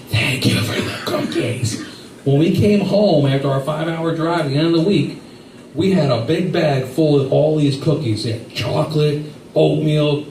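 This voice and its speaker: A man's voice: a little high, mellow, recorded from a distance, slight background noise. Rambling stand-up comedian man, echoey room. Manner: rambling, self-deprecating, acts out quotes.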